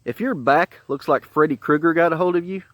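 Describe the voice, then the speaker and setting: A man's voice: a little high, a little fast, dry recording. A man with a Southern US accent telling a bawdy comic story in a folksy way, laughing at his own jokes.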